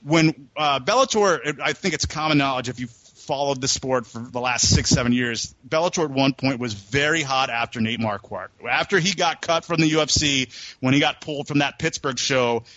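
A man's voice: medium pitch, moderate pace, sharp tone, no room sound. Long-winded man telling a story. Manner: long-winded, rambling with restarts. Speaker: podcast co-host. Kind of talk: casual storytelling. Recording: dull, dry recording.

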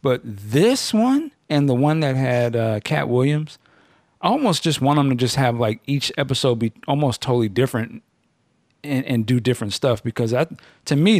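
A man's voice: medium pitch, darkish tone, no echo, studio quality. A man hosting a casual podcast chat, laughing often and acting out lines from a show he watched. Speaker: podcast host. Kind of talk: casual chat reviewing a TV episode.

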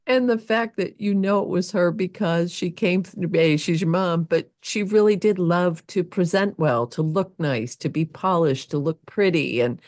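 A woman's voice: fairly low pitch, normal speed, hardly any pauses, darkish tone, dry recording, clean studio sound. A woman co-hosting a spiritual podcast, responding to her partner in an affirming, conversational way. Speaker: podcast co-host. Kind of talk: casual chat.

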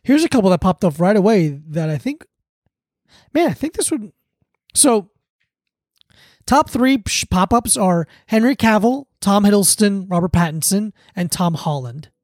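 A man's voice: high-pitched, expressive, normal speed, darkish tone, dry recording, studio quality. A man co-hosting a podcast in loose, joking casual chat, with frequent swearing. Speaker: podcast co-host.

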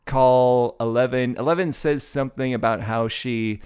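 A man's voice: mid-range voice, fairly even intonation, moderate pace, a little mellow, smooth. A man co-hosting a podcast in casual chat, rambling and joking at himself. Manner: rambling, self-mocking, many restarts. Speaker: podcast co-host.

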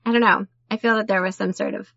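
Woman co-host, casual and giggly, bright tone, dry dull lo-fi recording. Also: medium pitch, fast, gravelly, no room sound. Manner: chatty, laughs often, animated. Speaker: podcast co-host. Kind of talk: casual movie-review chat.

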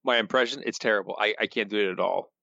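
A man's voice: lowish voice, fast talker, creaky, sharp tone, no room sound, dull audio. A man co-hosting a podcast in casual chat, dry and understated, reading listener quotes. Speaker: podcast co-host.

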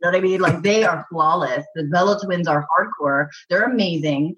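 A woman's voice: lowish voice, brisk, fairly bright tone, breathy edge. A woman guest on an interview, chatting in a bubbly, gushing way with lots of restarts and laughter. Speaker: actress guest. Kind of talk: casual interview chat. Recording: muffled lo-fi audio.

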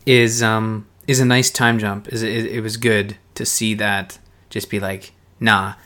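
A man's voice: on the low side, level tone, unhurried, fairly bright tone. A man co-hosting a casual podcast chat about a TV show, thinking aloud with frequent "you know" and restarts. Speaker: podcast co-host.

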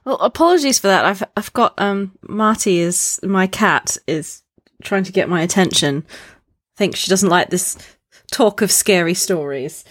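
Slow-speaking woman co-host. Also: mid-range voice, a bit bright, dry recording, clean studio sound. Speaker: podcast co-host. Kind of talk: casual chat.

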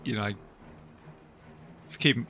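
A man chatting casually as a podcast co-host about a film, lively and talkative, often acting out lines. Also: drawn-out words, soft background music. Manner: chatty, animated, quotes film lines in put-on voices.

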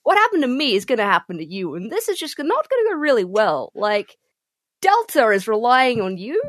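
A woman's voice: on the high side, big pitch swings, fairly quick, dry recording, clean studio sound. A woman voicing a sassy, blunt female robot companion who scolds her teammates with "like" fillers. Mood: exasperated. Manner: exasperated, scolding, valley-girl fillers.

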